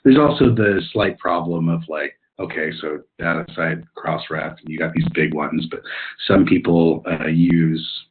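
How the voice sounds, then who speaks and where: A man with a deep, low voice talks through audience questions in a relaxed, thinking-aloud manner, filling pauses with ums and uhs. The sound is narrow and tinny, like a phone line. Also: a little hiss or hum. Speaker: technical expert answering audience questions. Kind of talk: webinar Q&A explanation. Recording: tinny phone-like webinar audio.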